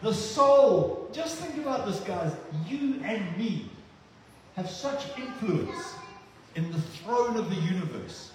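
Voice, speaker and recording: A man's voice: sits high, big pitch swings, takes it slowly. A man preaching a sermon as a pastor, earnest and repeating words for emphasis. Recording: echoey hall, distant mic.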